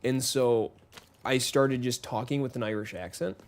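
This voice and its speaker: A man's voice: medium pitch, normal speed, heavy background noise. Chatty male game streamer, rambling. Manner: rambling, chatty, greets viewers by name. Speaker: gaming streamer. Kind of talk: casual live-stream chat while playing.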